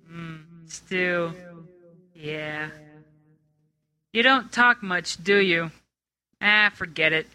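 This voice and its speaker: A woman's voice: medium pitch, sharp tone. A woman voicing a grumpy, foul-mouthed young woman who talks sarcastically and irritably.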